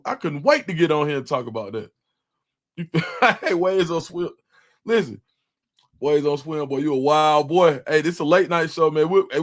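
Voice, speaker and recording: A young man hosting a live stream, chatting casually in slang and reacting to viewers' comments. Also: fairly high pitch. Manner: animated, slangy, reads chat comments aloud.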